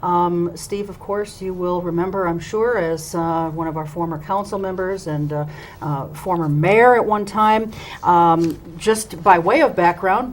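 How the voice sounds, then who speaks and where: A woman hosts a local cable talk show in a slightly low voice, chatty and loose, her sentences full of ums and uhs. Now and then she laughs at herself. A faint hiss sits under the recording. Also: low-quality recording. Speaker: host. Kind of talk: local TV interview.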